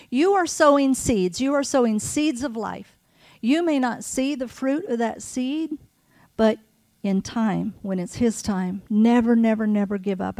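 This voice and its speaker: Earnest woman with a mellow voice. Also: medium pitch, dry recording. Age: middle-aged. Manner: earnest, encouraging, repeats phrases for emphasis. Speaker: Christian mothers' ministry speaker. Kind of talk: devotional talk to mothers.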